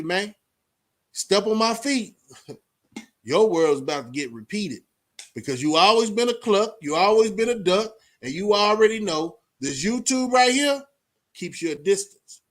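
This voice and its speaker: A man talks straight to his viewers in a loose, streetwise vlog, sermonizing about respect and real talk. His voice sits fairly high for a man, and he keeps tossing in "man" between thoughts. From Austin, Texas. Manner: streetwise, preachy, repeats "man" and "you know what I'm saying". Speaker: vlogger. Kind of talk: casual talk to camera.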